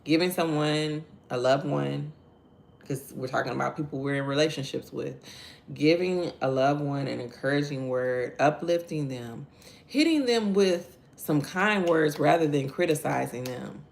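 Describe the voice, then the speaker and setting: A woman's voice: low voice, measured pace, gravelly. A middle-aged woman hosting a casual devotional talk, earnest and conversational, reading viewer comments aloud. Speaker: devotional host.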